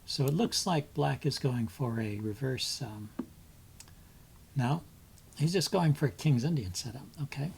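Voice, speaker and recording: A man's voice: medium pitch, measured pace, creaky, darkish tone, slight background noise. A man hosting his chess channel, commentating live on his own blitz game, thinking aloud with frequent ums and muttering moves under his breath.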